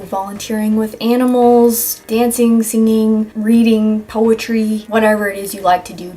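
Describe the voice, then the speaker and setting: A young woman vlogging casual self-help tips, rambling and joking, with casual swearing. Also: medium pitch.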